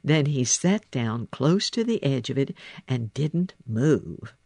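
A man reads a storybook aloud at an unhurried pace. His voice carries a gravelly edge and rises and falls with lively expression. The sound is dry and close, with no room around it. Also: mid-range voice, dry recording. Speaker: narrator. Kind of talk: storybook reading.

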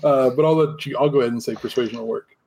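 Casting: easygoing male game master, mid-pitched, casual rule talk. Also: very fast, a little hiss or hum. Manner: relaxed, many fillers and restarts. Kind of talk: narrating a tabletop game.

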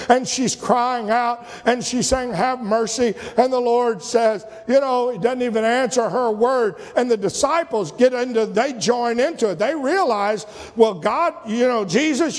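A man preaching a sermon, retelling scripture stories and acting out the voices, sometimes rising to shouts. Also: extremely high pitch. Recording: long hall reverb.

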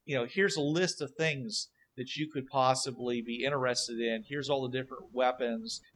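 A man's voice: medium pitch, steady tone, normal speed, fairly bright tone. A man co-hosting a tabletop gaming podcast, talking in a loose, casual way. He wanders through his thoughts with plenty of fillers and restarts. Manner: rambling, many fillers and restarts. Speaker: podcast co-host.

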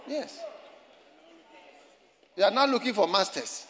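A man's voice: fairly high pitch, expressive, measured pace, pauses often, a bit bright, slight background noise. A man preaching a sermon, emphatic and repetitive as he tells stories. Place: campus gathering. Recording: echoey hall reverb.

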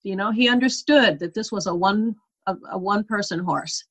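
A woman recounting her early riding days as an interview guest. She tells the story in an animated, unhurried way, her voice rising and falling with the tale. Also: medium pitch, slightly rough. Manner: animated storyteller, laughs while recalling. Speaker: interview guest, horse rider.

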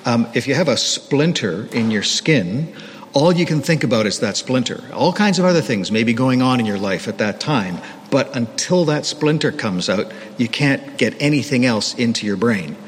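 A man's voice: medium pitch, expressive, normal speed, breathy edge. A man preaching a sermon in a candid, self-deprecating, conversational manner. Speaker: pastor. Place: church. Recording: long hall reverb, faint ambient noise.

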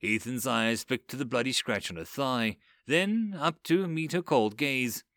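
A man narrating a dark fantasy story with an expressive, dramatic delivery. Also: mid-range voice, a little slow, dry recording, studio quality.

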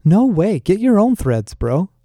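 A man's voice: a little high, moderate pace, dark tone, no room sound, studio quality, pitched above the performer's own voice, close to an everyday voice. A man reading aloud, voicing a self-absorbed young man who talks in slangy, boastful bro speech. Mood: indignant.

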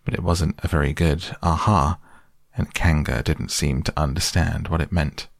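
A man reading a children's storybook aloud in an unhurried, gentle way. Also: a bass voice, fairly even intonation, vocal fry, no room sound, clean studio sound. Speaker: narrator.

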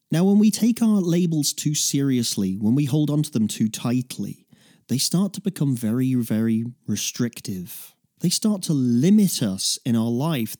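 A man's voice: mid-range voice, warm tone. A man giving a reflective self-help talk in a conversational way, dotted with "you know" and uneven pacing.

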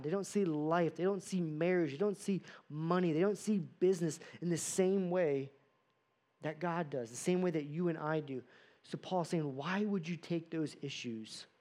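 Man, pastor, sermon, earnest, rhetorical questions, fairly high voice. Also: a little mellow. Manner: earnest, uses rhetorical questions and acted-out quotes.

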